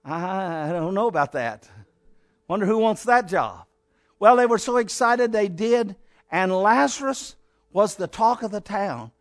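High-voiced, animated preacher man. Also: a little slow. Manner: animated, acts out quotes with sudden loud and soft swings. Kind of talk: storytelling sermon.

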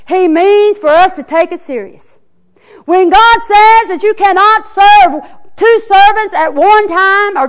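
Very high-voiced woman preaching. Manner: folksy, drawn-out storytelling with lowered, solemn emphasis. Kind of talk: sermon with a told joke.

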